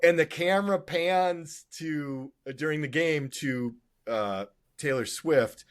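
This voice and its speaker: A man co-hosting a casual podcast chat, easygoing and quick to chuckle. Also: on the high side. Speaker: co-host.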